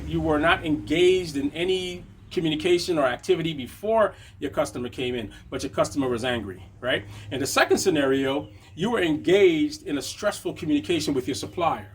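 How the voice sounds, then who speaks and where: A man's voice: on the high side, fairly quick, few pauses, a little hiss or hum. A man teaching a conversational motivational lesson on business, checking in with frequent tag questions. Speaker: business coach.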